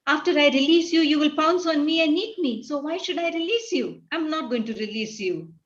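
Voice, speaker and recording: A woman's voice: sits high, animated, brisk, highs cut off, voice pushed up. A woman voicing a naive man in a folk tale who refuses a tiger, then begs for his life. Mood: indignant. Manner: fearful and pleading.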